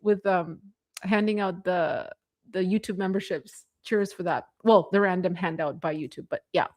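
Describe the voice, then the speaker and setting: A woman's voice: fairly low pitch, moderate pace. A woman hosting a casual political livestream, reading viewer comments and chatting with a sarcastic edge, laughing often. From Canada. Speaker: livestream host reading chat.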